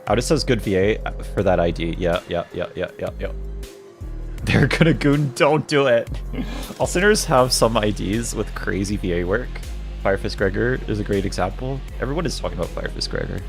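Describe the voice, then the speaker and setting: A man's voice: lowish voice, lively intonation, moderate pace, vocal fry, soft background music. A young man streaming games, reading chat aloud and joking with his viewers. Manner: joking, reads chat aloud, frequent laughter. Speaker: game streamer. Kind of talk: casual chat while streaming.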